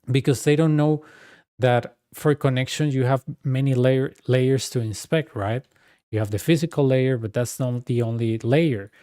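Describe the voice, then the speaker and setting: A man's voice: mid-range voice, moderate pace, warm tone, no echo, clean studio sound. A young man whose first language is Spanish, a streamer casually telling a heated, exasperated story with some swearing. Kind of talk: casual chat.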